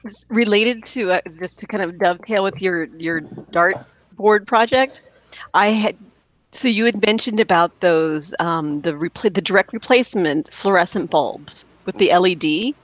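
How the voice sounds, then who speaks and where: Rambling, excited arcade hobby co-host. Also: mid-range voice, normal speed, dry recording, low-quality recording. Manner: rambling, enthusiastic, many restarts and fillers. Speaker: podcast co-host. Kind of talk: casual chat about arcade machine repairs.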